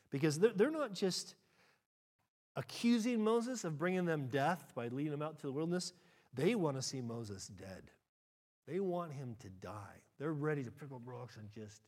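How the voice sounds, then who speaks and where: Male pastor, middle-aged, slightly high-voiced, expressive sermon delivery with dramatized quotes. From United States. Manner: animated preaching, acts out quotes with big pitch leaps, shifts from quick to slow.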